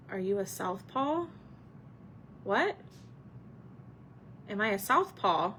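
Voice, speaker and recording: Lady painting on a live stream, bright crisp voice, slow easy talk, chats right at the viewers. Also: mid-range voice, animated, slight background noise. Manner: chatty, talks straight to viewers and answers their comments. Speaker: craft seller hosting a live stream. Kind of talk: casual live-stream chat while painting.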